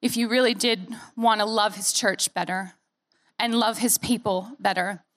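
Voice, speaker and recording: Earnest and animated, this young American pastor delivers a sermon dotted with playful asides. She speaks at normal speed in a mid-range voice, and years living in Australia have softened her US accent.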